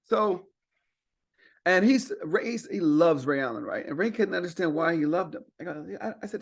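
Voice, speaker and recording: A man with a notably high voice tells a story in casual talk. He is animated and profane and acts out the voices of the people in his story. He speaks as a comedian guest. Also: normal speed.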